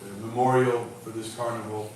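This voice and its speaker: A man telling a story in a casual livestream chat, animated and laughing as he goes. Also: fairly low pitch, moderate pace. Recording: echoey room, far from mic, noisy.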